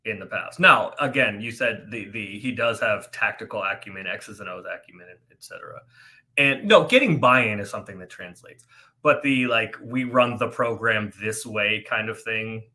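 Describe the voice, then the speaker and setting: A man co-hosting a casual sports podcast, blunt and quick to push back. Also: fairly low pitch, lively intonation, pushed and bright. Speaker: podcast co-host. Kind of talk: casual chat.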